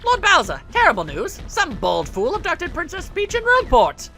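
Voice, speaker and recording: A fussy old turtle witch played by a man simpers in a high, fawning voice as a servant to her king. Her tone swings lively and bright. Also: moderate pace, faint music behind, heavily acted.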